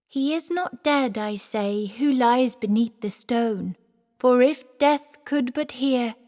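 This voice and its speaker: A woman's voice: a little high, takes it slowly, a little mellow, voice pushed up. A woman doing a boy declaiming grand verse. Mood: solemn. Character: solemn young boy reciting verse. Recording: long hall reverb.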